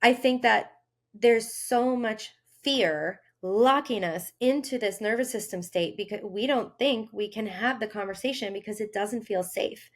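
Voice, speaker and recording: A woman hosting a health podcast, talking earnestly in a casual monologue and acting out inner voices with sudden lifts in pitch. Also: unhurried. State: briefly tearful. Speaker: health coach and podcast host.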